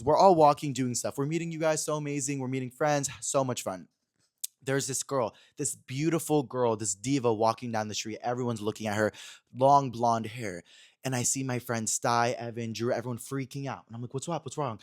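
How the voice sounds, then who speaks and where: A man's voice: medium pitch, normal speed. Gossipy young man spilling a story. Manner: gossipy, animated, with slang and many fillers. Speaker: podcast host. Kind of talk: casual storytelling chat. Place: Los Angeles.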